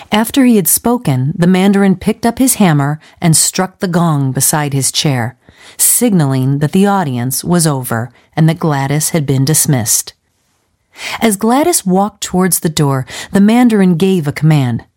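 A woman narrating a storybook with a measured, clear reading. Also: sits low, animated, a little mellow. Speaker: audiobook narrator.

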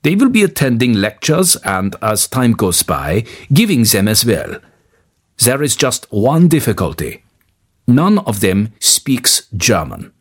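A man's voice: medium pitch, big pitch swings, husky. A man reading the part of a formal, courteous professor of divinity in a storybook. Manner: formal, measured speech.

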